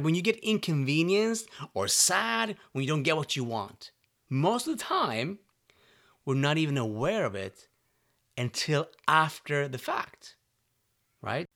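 An earnest man delivers a motivational monologue, his voice sitting a little high for a man and swinging widely in pitch. He keeps turning to the listener with quick questions to check that they are following. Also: pushed and bright. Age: adult parent. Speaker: self-help speaker.

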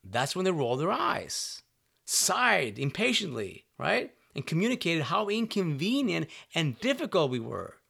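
A self-help speaker, an adult man who is a parent, delivers a motivational monologue in an earnest, direct way, often asking "right?" and checking that listeners are following. His voice sits fairly high and is very animated, with a measured pace, vocal fry, and a slightly bright, husky tone.

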